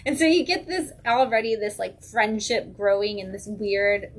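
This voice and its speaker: A woman's voice: medium pitch, animated, normal speed. A woman co-hosting a comic shop livestream, chatting and reviewing comics, enthusiastic and laughing often. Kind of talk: casual chat, comic reviews.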